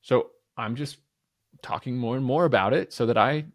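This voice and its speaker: An energetic man in his thirties speaks as a podcast guest, candid and sure of himself, cursing now and then. The sound is dry and close, with no room around it. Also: medium pitch, moderate pace, no echo. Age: 30s. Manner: energetic, talks with certainty; candid, swears casually. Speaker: entrepreneur guest. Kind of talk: podcast interview.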